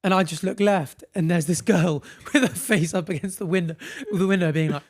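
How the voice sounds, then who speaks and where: A young British man with a bright, fairly high voice, chatting on a podcast. He tells stories with energy, slips into little character voices for the people in them, and laughs easily. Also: fairly quick. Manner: animated, acts out voices in anecdotes, laughs often. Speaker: podcast co-host. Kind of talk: casual chat and storytelling.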